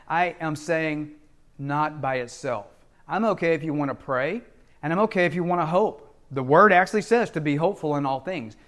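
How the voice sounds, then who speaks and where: Speaking straight to camera, a middle-aged relationship coach uses a fairly high, somewhat bright voice. He hammers his advice home in a repetitive, emphatic, sermon-like style.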